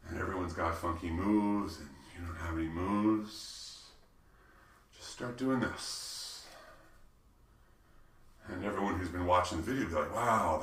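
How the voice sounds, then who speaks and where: A man teaching qigong, calmly cueing each breath and movement, with playful joking asides. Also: low voice. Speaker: qigong instructor. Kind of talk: guided movement instruction. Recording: echoey room, voice from a distance.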